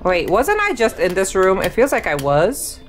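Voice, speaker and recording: A woman talks her way through a video game, chattering to herself and breaking into sudden high shrieks. Her pitch leaps up and down constantly, very animated. Clear game music plays underneath her. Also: normal speed. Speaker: gaming channel host. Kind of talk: live gameplay commentary.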